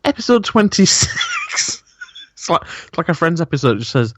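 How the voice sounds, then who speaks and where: A man's voice: a little high, fast talker, a bit bright. A man chatting as a podcast guest, rambling and giggling often as he talks. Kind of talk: casual chat.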